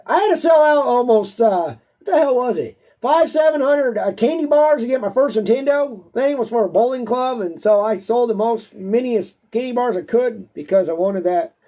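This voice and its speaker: A man's voice: very high voice, lively intonation, moderate pace, few pauses, dark tone. A man with a stuffy nose, a host chatting casually and answering viewer questions, rambling and laughing often. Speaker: auctioneer.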